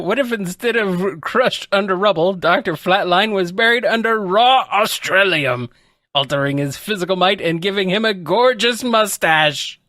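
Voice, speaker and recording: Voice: medium pitch, a bit bright, no echo, studio quality. A podcast co-host who laughs often and reads out listener questions in casual chat.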